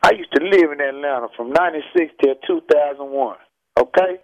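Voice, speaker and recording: A man's voice: on the high side, fairly quick, darkish tone. A man with a Texan Southern accent, calling in as a guest to a radio interview and talking emphatically, sounding tinny over a phone line. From Texas. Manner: emphatic, preachy, keeps repeating "man". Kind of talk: heated call-in radio interview. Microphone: telephone.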